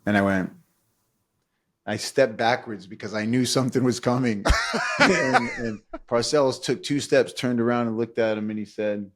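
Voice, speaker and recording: A middle-aged man hosting a podcast speaks unhurriedly at medium pitch, pausing often. In a casual chat he tells stories with animation, acting out quotes and laughing often.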